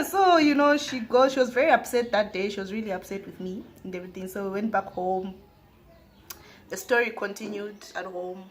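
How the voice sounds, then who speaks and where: A woman from Zambia, telling a personal story to her viewers, often laughing and dropping into hushed asides. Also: medium pitch, slight background noise. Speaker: vlogger. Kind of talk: storytime monologue.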